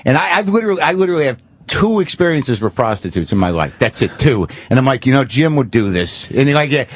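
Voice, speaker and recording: A man's voice: medium pitch, very animated, fast, no room sound. A man telling candid, self-mocking stories as a comedian guest on a talk show, with frequent restarts and swearing. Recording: dull lo-fi radio broadcast.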